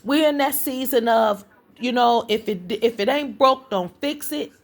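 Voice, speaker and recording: A woman's voice: a little high, measured pace. A woman doing a casual spiritual reading for her viewers, chatty and repetitive, often calling out to them and restarting her sentences. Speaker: spiritual reader.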